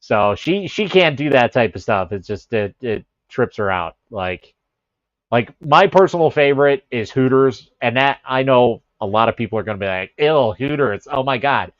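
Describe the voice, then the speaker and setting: A man's voice: medium pitch, animated, normal speed, dry recording, muffled recording. A man from the Chicago area hosting a casual livestream, talking in a rambling way with frequent restarts and laughs. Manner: rambling, self-interrupting, laughs often. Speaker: livestream host. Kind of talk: casual chat with chat readers.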